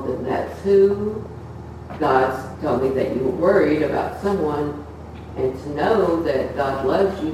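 A woman's voice: deep voice, darkish tone, a little hiss or hum. A woman giving an informal testimony sermon to a congregation, a chatty storyteller who laughs through her stories. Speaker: church speaker giving testimony. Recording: echoey hall, far from the mic.

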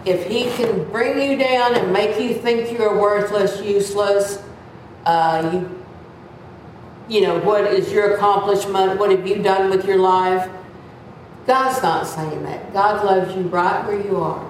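A woman's voice: mid-range voice, fairly even intonation, unhurried. A woman in her seventies teaching Sunday school, earnest and chatty, sometimes acting out whiny voices. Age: 70s. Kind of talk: sermon. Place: church room. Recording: echoey room, mic at a distance, faint noise.

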